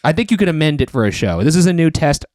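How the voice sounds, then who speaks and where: A man co-hosting a casual podcast chat, animated and quick to joke. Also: fairly high pitch, no echo, studio quality. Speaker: podcast co-host.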